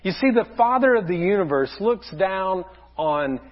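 A man preaching a sermon as a pastor, earnest, often dropping to a soft low voice. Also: animated, moderate pace, lo-fi sound.

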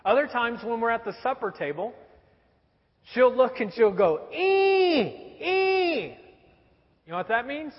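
A man in his thirties preaching a sermon, telling stories about his young children in a lively storytelling way. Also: very high voice, normal speed, husky. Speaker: pastor. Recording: dull recording in a reverberant hall.

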